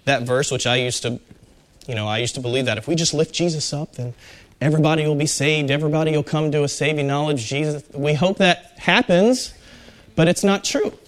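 A man's voice: a little high, brisk. A man teaching a small-group Bible study, talking conversationally and putting questions to the group. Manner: conversational, asks the group questions, frequent fillers.

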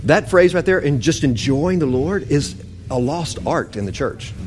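A man preaching, emphatic and animated, quoting scripture as he teaches. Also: a little high, normal speed, soft background music. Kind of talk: sermon-style teaching.

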